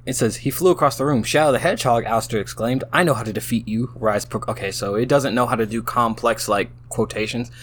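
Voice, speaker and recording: With a little hiss or hum in the background, a tipsy man with a medium-pitched, slightly bright voice reads an AI-written story aloud fast and with few pauses. As host, he keeps breaking off into baffled exclamations, mixing casual reading with running commentary.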